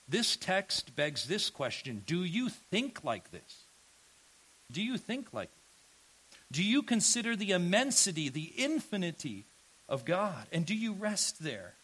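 Male pastor mid-sermon; higher-pitched, earnest, emphatic, rhetorical questions throughout. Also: fairly bright tone, rough recording.

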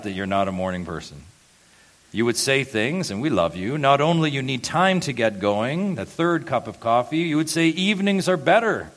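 Male pastor, lower voice, earnest sermon delivery with emphatic swells. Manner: earnest preaching, rising to emphatic peaks. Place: church sanctuary.

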